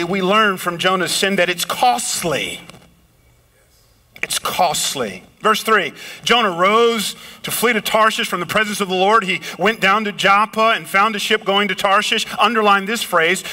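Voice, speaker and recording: A middle-aged man preaching a sermon, swinging his pitch up and down and slowing or raising his voice for emphasis. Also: sharp tone. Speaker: pastor. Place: lives in a big city apartment.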